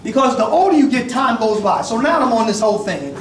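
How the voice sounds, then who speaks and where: A man in his forties preaching a sermon as pastor, with impassioned shouted peaks and laughter, calling out to the congregation. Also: very high voice, animated, brisk. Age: 40s. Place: church. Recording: echoey church from a distant mic, congregation audible. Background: congregation responding.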